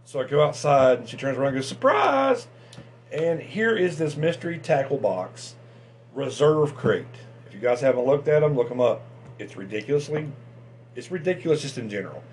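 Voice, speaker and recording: A man hosting a fishing channel, chatting casually and excitably about tackle, with lots of restarts and fillers. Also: mid-range voice, brisk, a little hiss or hum.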